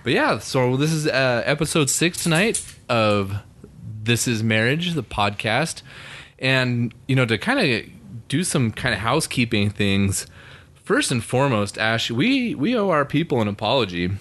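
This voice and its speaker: A man's voice: mid-range voice, big pitch swings, unhurried, a bit bright. A man co-hosting a casual chat podcast on a microphone, rambling with many fillers and restarts. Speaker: podcast co-host.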